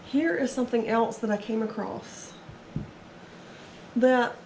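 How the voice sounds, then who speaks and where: Taking it slowly with a somewhat high, slightly mellow voice and some vocal fry, a woman talks through her resale haul in a chatty, rambling way. She's still recovering from illness, which leaves her voice strained, and the echoey room recording has a little hiss or hum and faint ambience.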